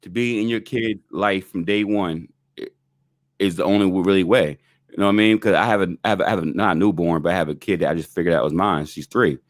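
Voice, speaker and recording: A man with a lowish voice talks frankly and casually, swearing freely and circling back to make his point. The sound is dry, with little room echo. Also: quick pace. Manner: frank, profane, repeats himself in emphatic asides. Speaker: co-host. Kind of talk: casual chat.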